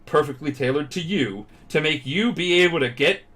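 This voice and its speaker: A man's voice: a little high, animated, normal speed, fairly bright tone. A drunk man voicing a grown superhero mentor who speaks in a hearty, reassuring way. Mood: encouraging. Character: grown male superhero mentor, gruff and encouraging.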